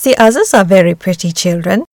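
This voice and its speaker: A woman voicing a haughty, high-born old duck in a storybook reading, condescending. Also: animated, brisk, a little mellow, dry recording, studio quality, lightly acted.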